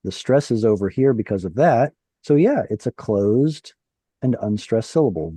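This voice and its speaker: A man's voice: mid-range voice, very animated, moderate pace, warm tone, breathy edge, no room sound. A man teaching a Hebrew reading class over a video call, patiently explaining step by step.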